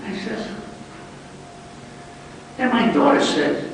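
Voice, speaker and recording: A man, telling blunt stand-up stories in gruff street talk at a book signing. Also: high-pitched, moderate pace, pauses often, a little hiss or hum. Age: 80s. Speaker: comedian. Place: large club function room. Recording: distant mic in an echoey room.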